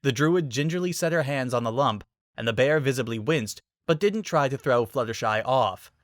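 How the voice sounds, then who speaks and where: Narrator for a dramatic fantasy fan reading, expressive, lively pitch, dry close mic. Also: moderate pace, no echo.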